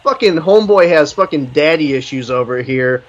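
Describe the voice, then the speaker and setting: A man co-hosting a podcast, ranting bluntly and profanely as he tells animated stories. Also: a little high, normal speed, dull audio. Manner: animated storytelling. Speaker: podcast co-host reviewing an album. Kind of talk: casual podcast chat.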